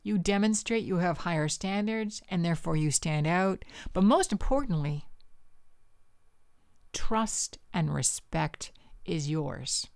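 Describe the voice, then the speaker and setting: A woman's voice: lowish voice, animated, takes it slowly, gravelly, darkish tone, no room sound, studio quality. A Canadian woman in her fifties hosting a podcast, talking in a punchy, provocative, conversational way. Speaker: podcast host. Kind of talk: solo podcast monologue.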